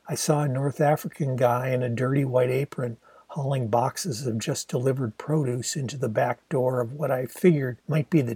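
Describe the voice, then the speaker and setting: An older man narrating his own autobiographical novel as a steady, reflective audiobook reading. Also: medium pitch, husky, dry recording.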